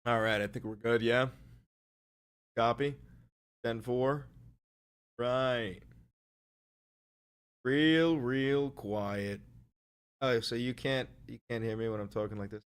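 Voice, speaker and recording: A man hosting a podcast, joking and swearing through loose pre-show banter, swinging between loud and quiet as he checks his mic. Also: medium pitch, slow pace, long pauses, smooth. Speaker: podcast host. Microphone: studio podcast mic with adjustable gain.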